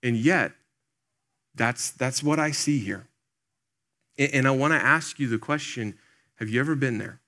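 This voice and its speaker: An earnest man preaching a loose, conversational sermon to his congregation. He talks in plain everyday words at a middle pitch and keeps asking his listeners questions directly. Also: a little slow, pauses often, bright, forceful tone. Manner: loose and plain-spoken, with many "like" and "um". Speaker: pastor.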